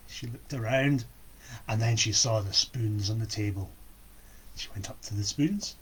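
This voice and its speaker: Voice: medium pitch, normal speed, slightly rough. A storyteller telling a folk tale for children in a playful way, with sound effects.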